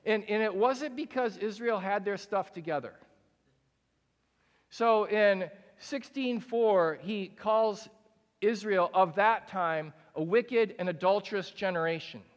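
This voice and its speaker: A young man preaches a sermon to a congregation in a large room, and the recording carries a long hall reverb. His voice is high and slow, and his tone is candid and conversational, full of casual fillers.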